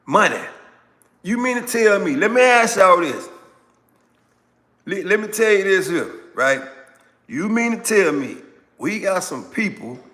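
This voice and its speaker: A man hosting a livestream, giving casual political commentary and answering viewer comments in an animated, repetitive way. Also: sits high, long reverb tail. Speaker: livestream host.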